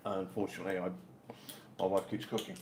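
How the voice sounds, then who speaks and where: A man's voice: sits low, animated, normal speed. An older man co-hosting a casual live stream at home, bantering with a dry, teasing manner. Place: home in Spain. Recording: roomy with faint noise.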